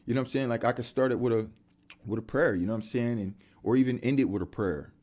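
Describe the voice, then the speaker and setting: A man's voice: medium pitch, quick pace. Street-talking man sharing faith stories. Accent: Delaware. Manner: animated street slang, many fillers. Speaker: faith vlogger. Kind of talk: casual testimony storytelling.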